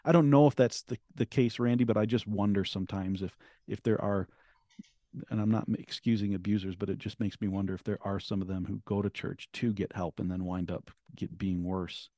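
A man in his forties, a podcast guest, telling a personal story earnestly, halting and restarting often. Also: lowish voice, steady tone, warm tone, no room sound, studio quality. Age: 40s.

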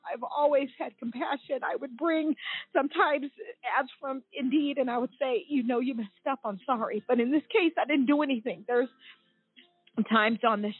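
A woman in her forties, a guest telling her own story over the phone, earnest and halting, often restarting her sentences. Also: high voice, breathy edge, no echo. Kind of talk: recounting a personal story on a call-in show. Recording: thin phone-line audio, dry.

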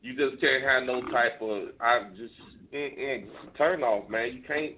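A man co-hosting a radio show, talking in casual comedic banter. He is animated and profane and often stammers and restarts. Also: mid-range voice, measured pace. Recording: lo-fi phone-like sound with faint noise.

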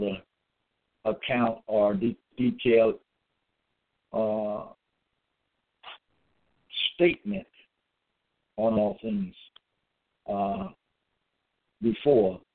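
Slow, emphatic man on a tinny line. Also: fairly low pitch, very animated, creaky. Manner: emphatic and repetitive, spells out letters; hesitant restarts with frequent uh. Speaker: self-styled religious teacher. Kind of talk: slow religious monologue. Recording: tinny phone-like sound.

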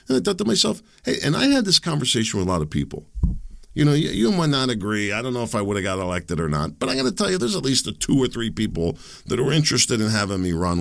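A man in his fifties with a very low, gravelly voice, hosting his own political talk show. He talks in a heated, rambling and sarcastic way, his pitch swinging widely from one phrase to the next. The recording is dry and close, with no room sound. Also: no echo. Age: 50s. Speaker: podcast host. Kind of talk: political commentary monologue.

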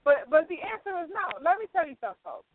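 A woman's voice: very high voice, sing-song, quick pace. Emphatic woman hosting an advice radio show. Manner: emphatic, lecturing with repeated "right". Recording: tinny phone-like radio line with hiss.

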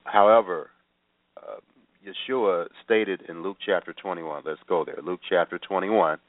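A man's voice: sits low, measured pace, no room sound. A man hosting a radio Bible teaching program, talking earnestly and repeating himself with fillers. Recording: tinny phone-line sound.

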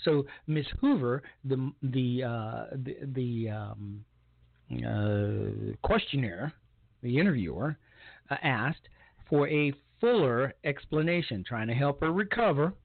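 A man's voice: mid-range voice, lively intonation, slow, gravelly, no echo. A man from Puerto Rico hosting an opinion talk show, rambling and sarcastic with many fillers. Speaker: show host. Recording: dry, phone-like sound.

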